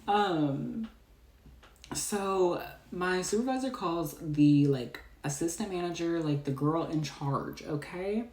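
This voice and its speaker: A woman's voice: on the low side, a little slow, darkish tone. A woman telling a storytime vlog in a chatty way, full of "like". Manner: chatty, heavy use of "like", retelling a rant. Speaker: storytime vlogger. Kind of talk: casual storytelling. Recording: echoey room, mic far off.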